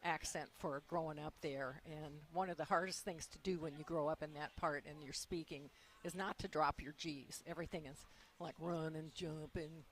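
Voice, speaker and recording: A woman's voice: sits low, steady tone, moderate pace, slight background noise. Midwestern lady chatting on the radio, easygoing. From Ohio. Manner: chatty, reads a question aloud. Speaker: caller. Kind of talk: casual radio chat.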